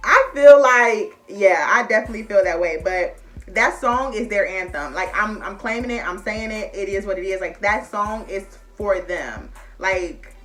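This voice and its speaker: Young woman vlogger, chatty and open about feelings, mid pitch, faint music under her. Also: expressive, normal speed, a bit bright. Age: young adult. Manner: chatty, emotional, addresses viewers as y'all. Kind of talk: casual chat to camera.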